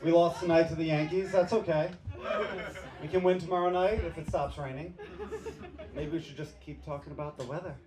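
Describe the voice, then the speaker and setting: A man's voice: a little high, steady tone, fairly quick, a crowd in the background. Self-deprecating male comic, loose delivery. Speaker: stand-up comedian. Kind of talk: stand-up comedy set. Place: comedy bar stage with live audience.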